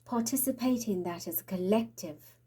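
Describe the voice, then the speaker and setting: A woman's voice: medium pitch, moderate pace, mellow, slightly rough. A woman giving a tarot reading in an urgent, prophetic way, out of breath and trembling, sometimes dropping into whispers. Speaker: tarot reader. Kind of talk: spiritual tarot reading monologue.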